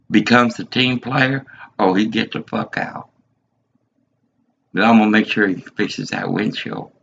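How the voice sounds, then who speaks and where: A man's voice: on the low side, vocal fry, fairly bright tone, slight background noise. A man in his fifties giving an agitated, rambling monologue, repeating himself as he vents. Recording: dull lo-fi recording.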